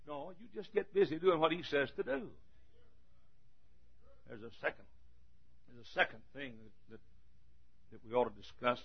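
An older man in his sixties preaching a sermon, telling folksy stories and rising to shouted emphasis, with a husky voice. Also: on the high side, lively intonation, normal speed, long pauses. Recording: dull lo-fi recording.

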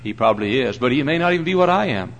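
A man preaching a sermon from the pulpit of a large church. He hammers the congregation with repeated questions and swings from hushed asides to loud preaching. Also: mid-range voice, expressive, very fast. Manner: emphatic, presses the crowd with repeated questions. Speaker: pastor.

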